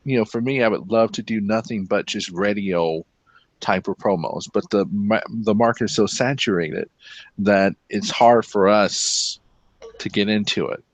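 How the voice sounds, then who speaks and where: A man's voice: on the low side, unhurried, no room sound. A man chatting casually with a host, easygoing and talkative, now and then slipping into a polished announcer voice. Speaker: guest. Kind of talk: casual chat.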